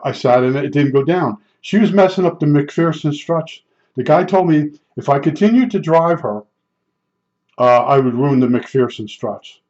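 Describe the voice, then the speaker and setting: A man's voice: medium pitch, a little mellow. An older man telling rambling, blunt stories in a vlog, with frequent restarts. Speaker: vlogger. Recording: dull lo-fi sound.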